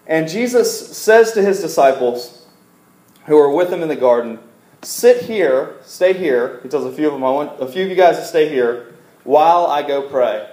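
A man's voice: a little high, expressive, moderate pace, a little mellow, roomy sound, rough recording. A man preaching a casual, joking sermon to a congregation in a church, asking them to repeat words back to him. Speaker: pastor. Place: church service room.

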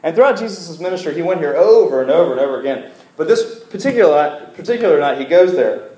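Man preaching, casual joking sermon, slightly high voice, echoey church room. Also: animated, quick pace, warm tone. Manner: joking, conversational, asks the congregation to repeat words. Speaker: pastor.

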